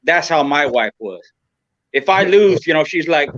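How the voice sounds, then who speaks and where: A man's voice: a little high, normal speed, a bit bright, no echo. A man around sixty, from Southern California, chatting casually as a podcast guest. He rambles frankly, swears freely and leans on "you know.". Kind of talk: casual chat. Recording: dull, lo-fi, dry sound.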